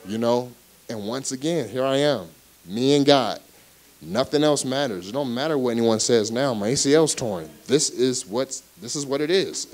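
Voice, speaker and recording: A young man giving his personal faith testimony as a guest speaker at a live church service, telling his story in an animated way and acting out the dialogue. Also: on the low side.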